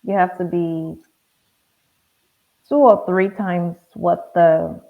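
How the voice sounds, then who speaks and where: Nigerian woman with a gravelly voice. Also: on the low side, slow. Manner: relaxed, wry, acts out others' lines in quotes. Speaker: guest, pharmacist. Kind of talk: conversational interview storytelling. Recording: tinny, phone-like audio.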